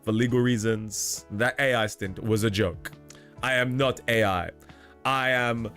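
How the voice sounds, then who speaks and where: A man's voice: medium pitch, steady tone, unhurried, a bit bright, soft background music. A young man streaming live, chatting casually with his viewers, joking, laughing a lot and swearing freely.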